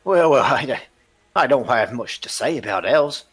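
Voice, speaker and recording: Man doing a high, brash river smuggler; cocky and evasive; tabletop game. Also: lively intonation, measured pace, a bit bright, slightly rough. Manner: boisterous, cocky, wheedling. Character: rough scheming male river smuggler leader.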